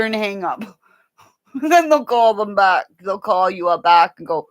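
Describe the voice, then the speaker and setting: A woman's voice: medium pitch, lively intonation, unhurried. A woman casually chatting to her livestream viewers from home, laughing constantly, swearing freely and teasing them affectionately. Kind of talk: casual rambling chat. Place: at home, in bed with her dog.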